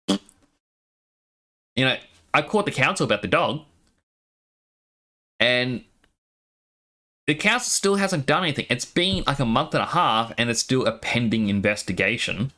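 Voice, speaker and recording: A man's voice: mid-range voice, measured pace, long pauses. A young Australian man, a VTuber streamer, chatting casually and telling rambling stories while he plays a game. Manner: animated rambling storytelling with laughs.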